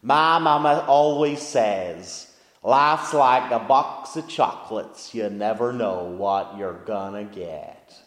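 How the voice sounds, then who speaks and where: Slow, drawling, simple-hearted Southern man, as a preacher puts him on in a reverberant church. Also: fairly low pitch, pitched below the performer's own voice. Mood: earnest. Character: Forrest Gump, slow-talking Southern man. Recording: echoey church hall reverb.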